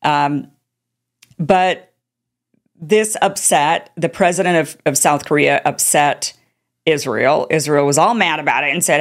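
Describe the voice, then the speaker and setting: Low-voiced woman, indignant commentary. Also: moderate pace. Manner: indignant, sarcastic. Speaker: commentary host. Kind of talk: political commentary.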